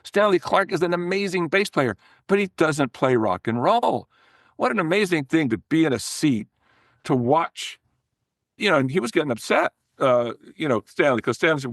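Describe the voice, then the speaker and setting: An older man, a former record promoter, telling animated, profane stories as a podcast guest, often restarting his sentences. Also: fairly high pitch, normal speed, no echo, clean studio sound. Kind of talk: casual storytelling in a podcast interview.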